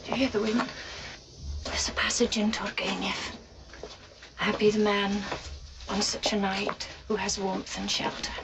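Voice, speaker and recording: An actress playing a worn-out, dreamy young woman who talks in a hushed, half-whispered, wandering way. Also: medium pitch, little pitch movement, a little slow, creaky, long pauses, noisy background. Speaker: actress in a film. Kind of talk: 1960s film drama acting.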